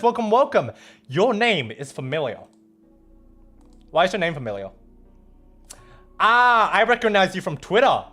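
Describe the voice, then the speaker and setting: A man's voice: very high-pitched, a bit bright. A man with an Australian accent streaming, chatting casually and playfully as he reads out viewer messages, rambling and swearing now and then.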